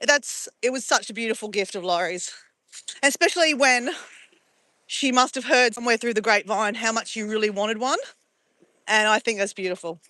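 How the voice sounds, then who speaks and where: A woman's voice: fairly high pitch, moderate pace, pushed and bright, no room sound, poor audio. A middle-aged woman chatting casually on a live stream from a phone held at arm's length, playful and giggly as she exclaims over camera filters. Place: outdoors near a beach.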